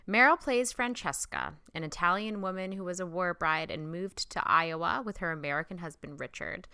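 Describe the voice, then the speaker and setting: Woman podcast host, bright crisp voice, bouncy pitch, blunt takes on movies, dry sound. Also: no room sound. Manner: blunt, animated opinions. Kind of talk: casual film review chat.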